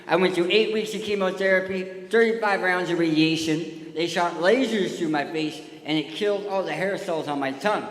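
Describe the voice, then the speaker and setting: A man's voice: a little high, fairly bright tone. A man with a lisp giving a joking, storytelling talk on a church stage. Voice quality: lisp from tongue surgery. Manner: joking, storytelling, addresses kids. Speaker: touring speaker and singer. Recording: echoey hall with live music.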